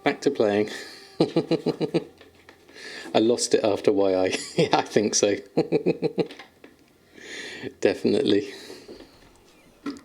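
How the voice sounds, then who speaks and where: A man's voice: fairly low pitch, lively intonation, slow, gravelly, pauses often, darkish tone. A man streaming from home, chatting casually with viewers and cooing affectionately at his kittens, laughing often. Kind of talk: casual live-stream chat. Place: at home, indoors.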